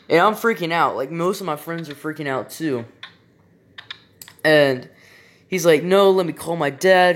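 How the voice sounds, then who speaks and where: A young man casually telling a personal story, rambling and swearing, with frequent restarts and fillers. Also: a little high.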